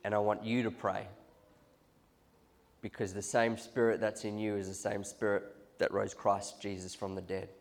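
A man preaching a sermon, telling stories with animated restarts and repetitions. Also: fairly low pitch, normal speed, vocal fry, pauses often. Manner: storytelling, animated, restarts and repeats. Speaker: pastor.

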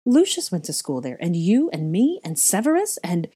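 A tense, aristocratic mother, read by a woman, worried and quick to protest. The voice stays low, husky and mellow. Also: sing-song. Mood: hesitant. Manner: worried, then hardening. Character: anxious aristocratic mother, middle-aged woman.

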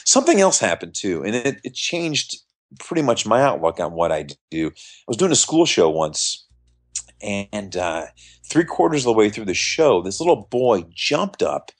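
Lively, low-voiced man telling stories. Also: moderate pace. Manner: animated storyteller acting out quoted voices. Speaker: magician, interview guest. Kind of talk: storytelling in an interview.

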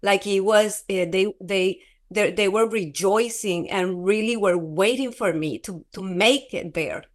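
Woman guest, halting testimony full of fillers and restarts, mid-pitched. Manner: earnest, often breaks into laughter. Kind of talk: personal testimony in a casual interview.

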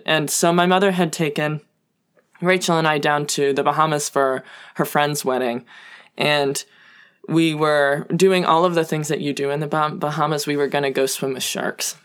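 A young woman telling comic personal stories in a casual, self-deprecating way, full of fillers. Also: deep voice. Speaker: guest storyteller.

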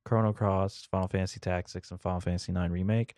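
A man's voice: deep voice, little pitch movement, quick pace, darkish tone, no echo, clean studio sound. A young adult man hosting and editing a casual podcast, talking in an easygoing, rambling way. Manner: easygoing, rambling, many fillers. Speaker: podcast host and editor. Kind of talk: casual chat.

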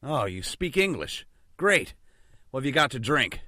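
Brief: wisecracking American adventurer, man voicing him, bright tone, very lively. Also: medium pitch, unhurried, no echo, clean studio sound, heavily acted. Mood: awkward. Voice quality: sarcastic, wisecracking. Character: sarcastic American adventurer, young adult man. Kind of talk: audio drama acting.

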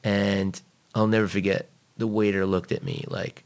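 Low gravelly dude cussing his way through a story in an interview. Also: unhurried, hardly any pauses. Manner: blunt, profane, animated retelling. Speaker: guest telling a personal story.

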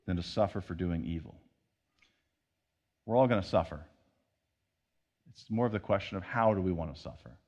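A man preaching a sermon in a conversational way, acting out everyday voices as he goes. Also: lowish voice. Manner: conversational preaching with acted-out quotes. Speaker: pastor.

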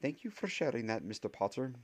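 A man's voice: medium pitch, very animated, brisk, pitched above the performer's own voice. A man voicing a strict elderly witch professor, speaking in a clipped, dry manner. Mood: stern.

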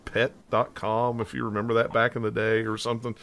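Bright-voiced man rambling on a podcast. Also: medium pitch, monotone, brisk. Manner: rambling, stop-start delivery with frequent restarts. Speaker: podcast host. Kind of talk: casual chat.

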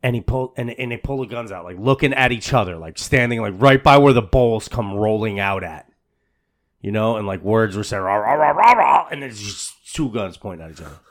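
Low-voiced and brisk, a man co-hosting a podcast rambles through a story in casual chat. He keeps restarting and repeating words, swearing freely and dropping "bro" constantly.

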